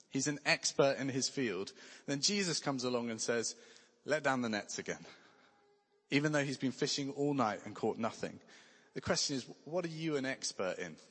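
Male preacher, earnest and conversational, mid-pitched voice, long hall reverb. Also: a bit bright. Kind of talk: sermon.

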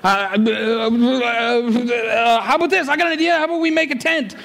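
Man putting on a high, jittery disciple, stammering and tripping over his words. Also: steady tone, creaky, a bit bright, full character voice. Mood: frantic excitement. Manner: rushed, stammering, giddy exclamations. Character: frantic excitable disciple, adult man, babbling.

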